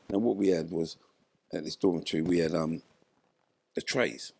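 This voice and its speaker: Speaking briskly in a low, creaky register, an older ex-footballer recounts a tale during an interview. He brings it to life by acting out the lines people said.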